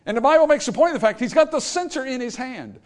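Man preaching with lively, high pitch. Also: fast talker. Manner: swings from hushed asides to loud preaching peaks; acts out quoted people in character voices. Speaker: pastor. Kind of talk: sermon.

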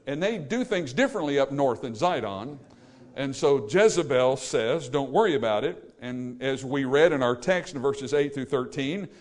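A man delivers a sermon. He preaches bluntly and folksily, with asides to the listeners in the pews. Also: medium pitch. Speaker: pastor.

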